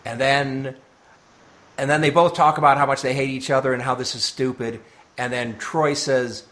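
A man's voice: mid-range voice, steady tone, moderate pace, fairly bright tone. A man co-hosting a podcast, chatting casually and laughing often. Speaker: podcast co-host. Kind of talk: casual chat about comics.

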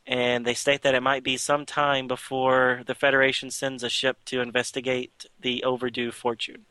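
A man talks casually on a podcast and retells a comic story in a rambling way, full of fillers and restarts. His voice is bright and forward, and it sounds dry and close. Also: medium pitch, dry recording. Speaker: podcast co-host. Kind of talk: casual chat recapping a comic.

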